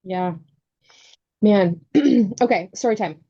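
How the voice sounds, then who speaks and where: A woman co-hosting a casual podcast chat, telling stories from her career coaching work with quick asides. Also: mid-range voice, mellow, slightly rough, lo-fi sound. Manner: chatty storyteller, quick asides.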